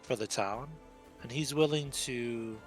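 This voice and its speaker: A man's voice: mid-range voice, measured pace, soft background music. A man running a tabletop game as game master, narrating loosely with many fillers.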